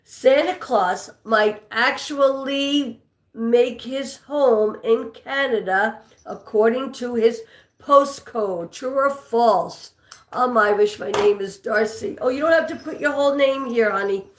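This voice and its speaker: A woman with a New York accent hosts a live trivia stream, chatting with viewers and reading their comments aloud. Her voice is fairly high and her pace slow, in an echoey room.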